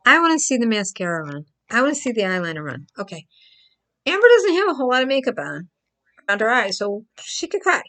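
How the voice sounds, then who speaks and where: A woman's voice: a little high, sing-song, quick pace, sharp tone. Woman giving emphatic casual commentary. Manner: emphatic, repeats herself, acts out crying. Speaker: vlogger commenting on a trial.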